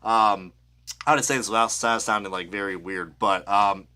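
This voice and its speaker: A young man giving a casual live-stream product review, excitable and rambling, cursing and drifting off topic. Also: fairly low pitch, normal speed.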